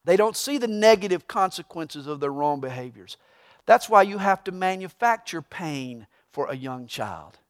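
High-voiced male preacher. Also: animated, normal speed. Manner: emphatic preaching, swinging from loud to hushed. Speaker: pastor. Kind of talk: sermon.

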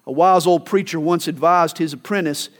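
A man's voice: fairly high pitch, normal speed. A male pastor preaching a sermon, emphatic, telling stories and acting out quoted lines. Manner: emphatic, storytelling with acted quotes.

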